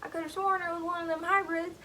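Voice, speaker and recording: A taunting, greedy hunter with a rural American country twang, his voice high and clipped, as a woman acts him out. He sneers through every line. It sounds like a casual book retelling, recorded with faint noise behind it. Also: little pitch movement, quick pace, bright, forceful tone. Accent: rural American country accent, put on.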